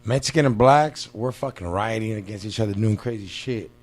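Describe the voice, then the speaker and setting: A man's voice: lowish voice, a little fast, darkish tone. Slangy, profane storytelling man. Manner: profane, slangy storyteller who acts out quoted voices. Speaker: podcast host. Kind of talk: casual chat. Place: podcast studio.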